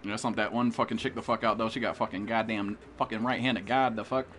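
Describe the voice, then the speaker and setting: A man's voice: fairly low pitch, fairly even intonation, fast, fairly bright tone. A young American man streaming a game live, trash-talking with lots of swearing and hype while chatting with viewers. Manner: profane, hyped trash talk. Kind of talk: live gameplay commentary.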